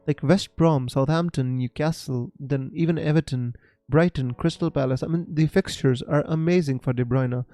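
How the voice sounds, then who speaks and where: A young Indian man with an Indian English accent, chatting casually on a live stream, halting with many fillers as he answers viewers. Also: fairly high pitch, mellow, no room sound. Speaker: fantasy football streamer.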